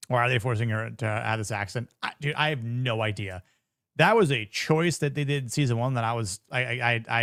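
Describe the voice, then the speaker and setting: A man's voice: medium pitch, fairly bright tone, no echo, studio quality. A man giving casual reaction commentary on a TV episode, blunt, profane and joking. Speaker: show reviewer.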